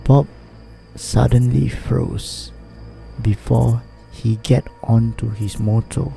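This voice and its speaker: Brief: man, host narrating a ghost story, very slow, dark gravelly voice, faint music behind. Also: medium pitch, steady tone. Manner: measured, suspenseful retelling.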